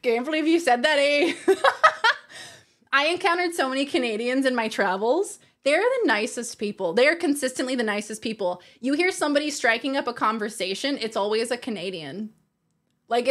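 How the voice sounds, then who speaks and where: A woman livestreamer in casual chat, reading her viewers' messages aloud and laughing often. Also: fairly high pitch.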